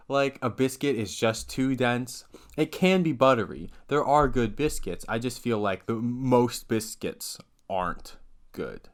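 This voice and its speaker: A young man co-hosts a podcast, chatting casually in a medium-pitched, unhurried voice with lively intonation. His humor is dry and offbeat, and his jokes land deadpan.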